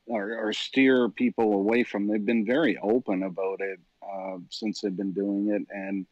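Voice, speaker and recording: A Canadian man co-hosting a tech chat, talking in a relaxed, hesitant way with many fillers. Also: lowish voice, normal speed, no echo. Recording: dry, dull lo-fi line.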